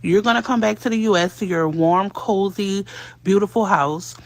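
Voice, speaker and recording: A New woman with a gravelly, fry-heavy voice scolds her viewers and sounds fed up. The sound is dry and close. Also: mid-range voice, normal speed, no room sound. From New Orleans. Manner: exasperated and scolding. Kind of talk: social media video rant.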